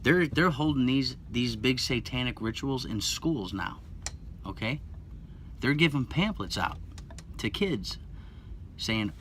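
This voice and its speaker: A man's voice: mid-range voice, animated, slow pace, long pauses, fairly bright tone, a little hiss or hum. Agitated man ranting to camera. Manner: agitated, rambling, repeats himself. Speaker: YouTube channel host. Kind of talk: impassioned conspiracy monologue.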